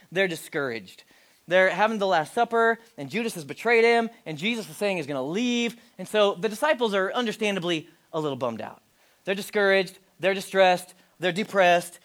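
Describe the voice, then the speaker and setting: A man in his forties preaching a sermon from the pulpit. His voice sits high for a man. He talks to the congregation in a plain, direct way and often sinks to a near-hush for emphasis. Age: 40s. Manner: direct, conversational preaching with dramatic drops to a hush. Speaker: pastor.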